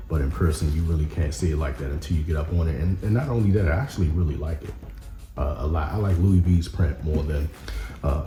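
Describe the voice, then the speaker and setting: A man casually reviewing sneakers on camera, relaxed and rambling with many fillers. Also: extremely low pitch, roomy sound. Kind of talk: casual product review vlog. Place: indoor room with camera. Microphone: camera mic.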